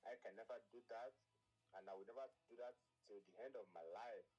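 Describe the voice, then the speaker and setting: A man's voice: on the low side, a little fast, poor audio. A male scam caller speaking in terse, broken phrasing. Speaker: scammer caller. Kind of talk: phone conversation.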